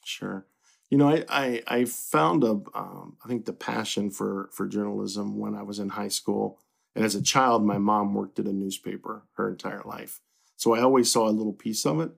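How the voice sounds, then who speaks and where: A middle-aged man from Kentucky speaks in a low, gravelly voice. He talks as a guest in a casual interview. He is relaxed and reflective, and he often restarts his sentences around fillers. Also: normal speed. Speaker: newspaper publisher, guest.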